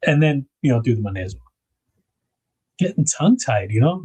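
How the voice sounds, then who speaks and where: A livestream host with a medium-pitched, mellow, husky voice talks very animatedly and fairly quickly, pausing often. He chats casually with viewers, reads their comments out loud, and laughs a lot.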